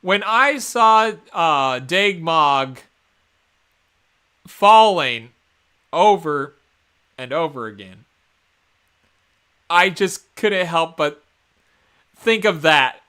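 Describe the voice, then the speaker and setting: A gaming channel host livestreams casually over gameplay, rambling with lots of fillers and restarts while game soundtrack music plays behind him. His voice is a little high, expressive, bright, forceful, clear, and resonant, and he draws out words and pauses often.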